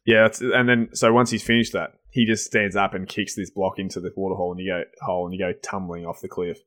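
A man's voice: deep voice, level tone, fast, a bit bright. A man co-hosting a podcast in casual chat, enthusiastic and laughing often, with many fillers and restarts. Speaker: podcast co-host.

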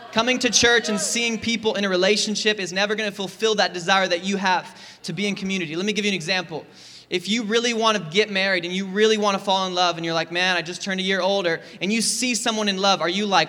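A young adult man preaching a lively, conversational sermon in a large church hall, acting out quoted voices as he speaks. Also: high voice. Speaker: pastor. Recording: live church hall with long reverb.

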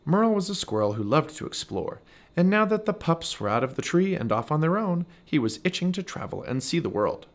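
A man reading a children's chapter book aloud with expressive, animated storytelling. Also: on the high side, fairly quick. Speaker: storybook reader.

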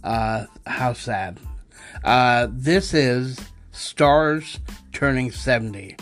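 A male podcast host at an ordinary mid pitch reads odd news stories at a slow, drawn-out pace. His delivery is loose and unpolished, full of fillers and joking asides. Faint music plays beneath him. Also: animated, fairly bright tone. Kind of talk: casual podcast news chat.

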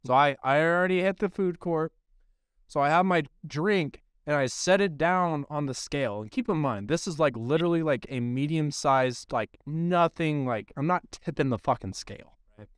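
A man hosting a podcast spins a loose, profane story, leaning hard on filler words. His voice is smooth and clear. It is recorded dry and close, with no room sound. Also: a little high, normal speed, no echo. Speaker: podcast host. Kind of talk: casual storytelling.

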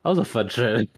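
A man's voice: on the high side, vocal fry, slightly rough. A young man co-hosting a podcast, telling stories in a rambling way with lots of swearing and laughing. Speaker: podcast co-host. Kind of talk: casual chat.

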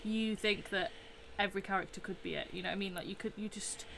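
A woman's voice: mid-range voice, fairly even intonation, fast talker, creaky, fairly bright tone, slight background noise. A woman artist in casual chat who agrees readily and rephrases her points as she talks.

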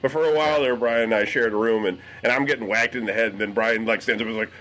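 A man casually telling a story on a podcast, in a relaxed, meandering way. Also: mid-range voice, quick pace, hardly any pauses. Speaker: podcast host.

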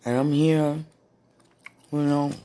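A woman with a hoarse, husky voice, worn from preaching and crying, talking casually to God in a prayerful monologue and calling out to him between sentences. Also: sits low, level tone, takes it slowly, dark tone. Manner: talks to God aloud, breaks into moans and exclamations. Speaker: street preacher.

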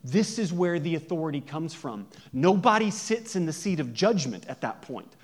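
A man's voice: fairly high pitch, expressive, normal speed. A man pastor preaching a conversational sermon, joking and asking his listeners many questions.

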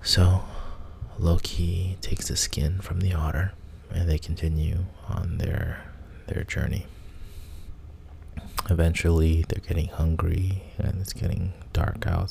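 Low, gravelly man half-whispering a bedtime story. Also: darkish tone, a little hiss or hum. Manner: meandering and unhurried, with casual restarts. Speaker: sleep story host.

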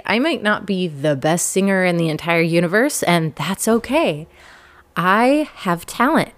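A woman in her thirties telling a personal story in a candid, self-deprecating way, often laughing. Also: medium pitch.

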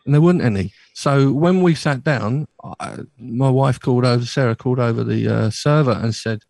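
A man's voice: mid-range voice, normal speed, vocal fry, darkish tone, dry recording. A middle-aged man from Bristol, hosting a casual radio chat and telling rambling stories with many restarts. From Bristol, England. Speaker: radio show host. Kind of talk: casual chat on a remote call.

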